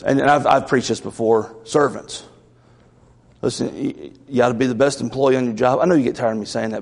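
Gravelly pastor preaching, roomy hall. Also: male voice, mid-range voice, darkish tone. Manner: earnest, conversational preaching with asides and restarts. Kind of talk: sermon. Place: church sanctuary.

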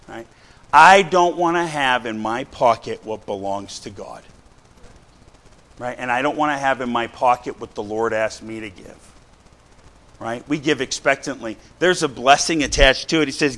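A middle-aged man preaching a sermon to his congregation, chatty and animated, full of rhetorical questions and asides. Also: medium pitch. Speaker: pastor. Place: church sanctuary.

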